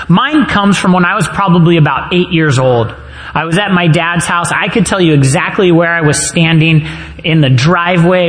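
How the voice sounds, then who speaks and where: A man's voice: fairly high pitch, a bit bright. A man preaching a sermon to fathers, earnest and personal, weaving in stories from his own childhood. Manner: earnest storytelling, personal anecdotes.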